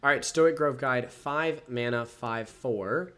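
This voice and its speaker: A man's voice: mid-range voice, takes it slowly, pushed and bright. A man casually reading card text aloud and rating each card out of ten, yawning now and then. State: yawning, sleepy. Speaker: card game reviewer. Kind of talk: casual set review, reading cards aloud.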